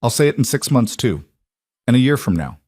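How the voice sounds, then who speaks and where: A man voicing a calm, steady single father in a narrated story, speaking in a reassuring way. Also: mid-range voice, brisk, no room sound, studio quality, voice pushed up.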